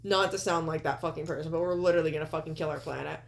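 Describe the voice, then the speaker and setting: A woman's voice: low voice, fairly even intonation, rapid-fire, creaky. A woman co-hosting a casual wrestling podcast. She talks bluntly, swears often and fills gaps with "like". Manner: blunt, swears a lot, fillers like "like". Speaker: podcast co-host.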